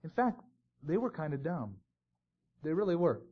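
A man's voice: a little high, big pitch swings, normal speed, breathy edge. A man teaching a Bible sermon in a conversational way, with joking asides. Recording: dull lo-fi recording.

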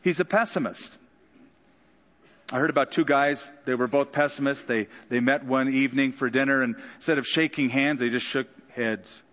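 A man's voice: medium pitch, moderate pace, a bit bright, in a large hall, highs cut off. A man preaching a sermon in a conversational way, acting out quoted lines with dramatic flair. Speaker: pastor.

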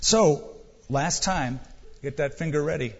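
A man's voice: a little high, measured pace, gravelly, slightly rough, long reverb tail, dull audio. A man pastor preaching a sermon in a church, urging his listeners directly and emphatically.

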